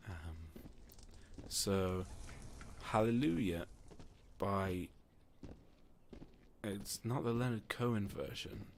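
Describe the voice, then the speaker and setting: Deep-voiced rambling male game master. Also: animated, drawn-out words, gravelly, pauses often, slight background noise. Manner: rambling, digressive, often stops to ask himself questions. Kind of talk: casual narration of a tabletop game. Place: room, alone.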